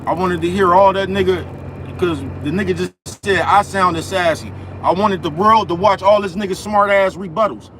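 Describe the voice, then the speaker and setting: A man's voice: high voice, fairly even intonation, normal speed, a bit bright, a little hiss or hum. A young man hosting a livestream from outdoors, ranting in a profane, repetitive way and constantly checking that listeners follow him. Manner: profane, repetitive, keeps asking "you know what I'm talking about". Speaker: livestream host. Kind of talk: ranting live-stream monologue. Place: outdoors in the cold, near traffic.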